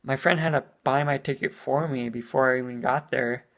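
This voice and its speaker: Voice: mid-range voice, steady tone, fairly quick. A speaker giving a casual spoken movie review as an exasperated rant, full of "you know" and swearing.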